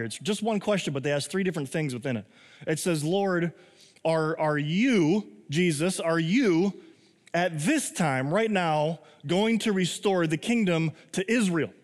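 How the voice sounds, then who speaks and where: A man in his younger adult years preaching with a slightly high voice. He talks in an animated, joking way and breaks into laughter as he acts out the scenes. His voice rings with the long reverb of a church hall. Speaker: pastor. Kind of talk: sermon.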